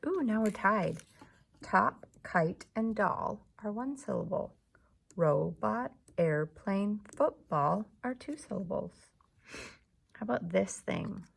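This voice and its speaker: A woman's voice: mid-range voice, animated, slow, vocal fry, slightly rough. A woman teacher leading a lesson for young children, patiently clapping out the syllables of words.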